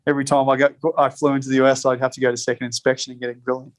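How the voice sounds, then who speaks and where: Rapid-fire and flat in delivery, this mid-range male voice belongs to a podcast guest who co-founded a spirits company. In the interview he rambles through casual stories, swearing heavily and laughing between lines.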